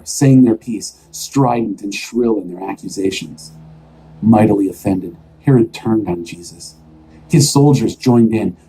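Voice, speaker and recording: Deep, mellow-voiced male scripture reader. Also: breathy edge, poor audio. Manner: steady, expressive storytelling. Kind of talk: dramatized scripture reading.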